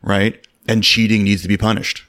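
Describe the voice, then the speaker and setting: A man hosting a podcast in casual chat, measured, circling his point with many fillers and restarts. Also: on the low side, level tone, a bit bright. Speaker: podcast host.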